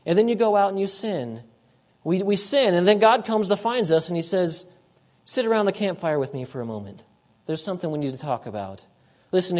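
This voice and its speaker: A man preaching a sermon, emphatic, repeating his key phrases and moving between loud and hushed delivery. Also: high voice.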